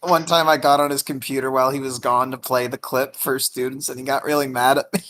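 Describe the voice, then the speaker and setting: A podcast panelist who tells stories and teases the others with deadpan jokes. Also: medium pitch, fast talker. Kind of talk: casual panel chat.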